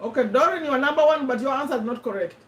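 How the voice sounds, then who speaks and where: A high-pitched woman hosts a casual live-stream quiz, reading out viewers' names and ruling on their answers. Her voice sits away from the mic. It carries a roomy echo. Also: rapid-fire, distant mic. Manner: chatty, reads out viewer names and answers, checks and rules on them. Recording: echoey room, voice away from the mic.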